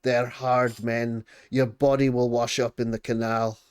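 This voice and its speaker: A man voicing a hushed half-orc barkeep. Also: mid-range voice, little pitch movement, measured pace, clean tone, natural voice. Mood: hushed warning. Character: male half-orc tavern keeper, nervous and hushed.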